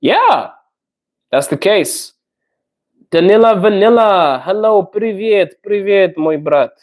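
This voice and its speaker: Young man, slightly high voice, chatty live-stream host reading out chat comments. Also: animated, takes it slowly, darkish tone. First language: not Russian; learning Russian. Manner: friendly, chatty, laughs often, addresses viewers directly. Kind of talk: casual livestream chat.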